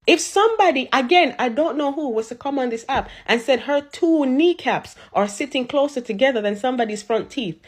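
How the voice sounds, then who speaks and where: A woman ranting on social media, sassy, mocking and sarcastic. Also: high-pitched. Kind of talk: roasting rant.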